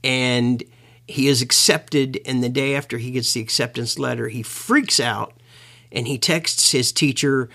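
Male lecturer, mid-pitched, earnest and emphatic, a reflective teaching talk. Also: fairly even intonation, creaky, sharp tone. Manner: earnest, emphatic, slows down for key words. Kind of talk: educational talk.

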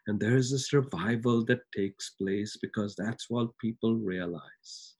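A man preaching a sermon, retelling scripture with lively swings between loud emphasis and hushed lines. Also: mid-range voice, normal speed, hardly any pauses, husky.

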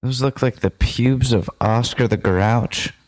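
A man's voice: mid-range voice, measured pace, dry recording. A young man co-hosting a casual podcast, joking around and slipping into silly put-on voices. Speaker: co-host.

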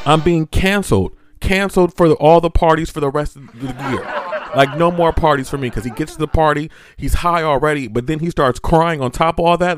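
A man hosting a podcast, telling a personal story in a lively, laughing, foul-mouthed monologue that climbs high and loud when he retells his panic. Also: fairly quick, a little hiss or hum. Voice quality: animated, laughing, swearing freely. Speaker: podcast host.

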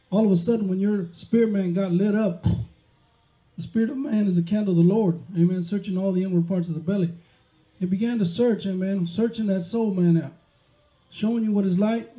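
A man's voice: sits high, warm tone. A man preaching a sermon, emphatic and peppering his words with amens and praise. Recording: dull lo-fi sound.

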